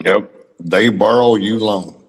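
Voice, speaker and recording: Deep voiced kentucky guy on a livestream, blunt, cusses a lot, low pitch, lots of reverb around him. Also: slow pace, husky. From Louisville, Kentucky. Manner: blunt, swears freely, self-deprecating. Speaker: livestream co-host. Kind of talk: casual chat.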